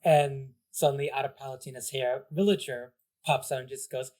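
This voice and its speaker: A man's voice: medium pitch, steady tone, normal speed, a little mellow. A man narrating as game master in a tabletop game, in a loose, casual way full of "like"s. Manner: casual, filler-heavy narration with many "like"s.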